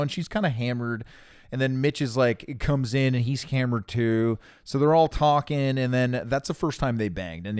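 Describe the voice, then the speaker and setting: Young guy podcast cohost, rambly and sweary, mid-pitch voice, dry close sound. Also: clean tone, no room sound. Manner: rambling storytelling, swears a lot, many restarts. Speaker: podcast co-host. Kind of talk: casual chat.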